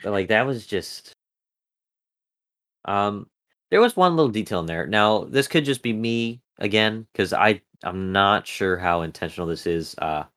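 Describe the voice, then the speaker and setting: Male podcast co-host, deep voice, rambling casual review chat with lots of ums. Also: lively intonation, a little slow, a bit bright. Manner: rambling, many fillers and restarts.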